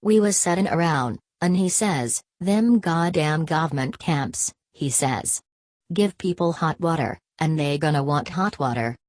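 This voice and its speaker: A woman's voice: deep voice, unhurried, darkish tone, no echo. A woman reading the lines of a tubby, blunt male migrant who tells stories in a folksy drawl.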